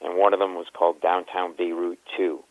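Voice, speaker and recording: A man's voice: sits low, flat delivery, no room sound, phone-quality sound. A man in his fifties, a comedian, telling stories in an interview and acting out the voices of people in them. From Providence, Rhode Island. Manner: fast anecdotal storytelling with acted-out quotes and laughs. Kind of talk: animated storytelling interview.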